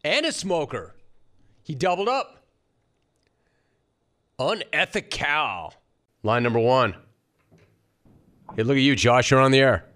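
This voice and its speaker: A middle-aged man hosting a sports talk radio show, screening callers with brisk, punchy remarks. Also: mid-range voice, expressive, a bit bright.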